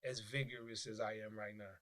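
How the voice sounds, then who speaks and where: A man with a Detroit accent, a podcast guest telling stories in casual, profane, animated talk with many restarts. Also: on the low side, a little fast. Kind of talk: casual interview chat.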